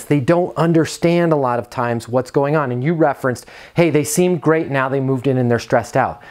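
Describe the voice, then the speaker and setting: A man's voice: a little high, darkish tone. A man giving an instructional talk to camera as a property management trainer, earnest and coaching, repeating his key phrases.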